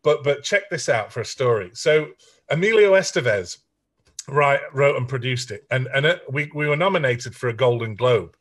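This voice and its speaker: Animated Sheffield man telling stories. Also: medium pitch, normal speed. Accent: Sheffield English. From England. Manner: animated anecdotes, acts out voices and quotes. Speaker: songwriter guest. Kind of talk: storytelling interview.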